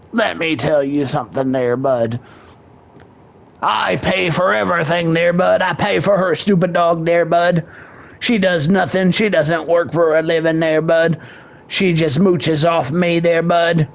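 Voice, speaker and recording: A man's voice: a little high, creaky. A man voicing a lazy, defensive husband who rants bluntly and keeps tagging his phrases with a folksy catchphrase. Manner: blustering, ends every phrase with "there, bud".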